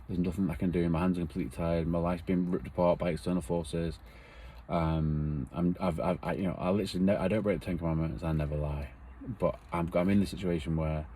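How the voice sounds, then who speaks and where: Man, low voice, rambling and earnest personal storytelling. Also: mellow, slight background noise. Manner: earnest, rambling, emotional retelling.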